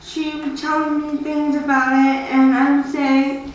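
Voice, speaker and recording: High-voiced woman telling her own story, halting a bit, really echoey room, far from the camera. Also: level tone, slight background noise. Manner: earnest, halting, corrects herself mid-sentence. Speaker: guest speaker at a school awareness day. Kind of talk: personal testimony presentation. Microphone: camera far from the speaker.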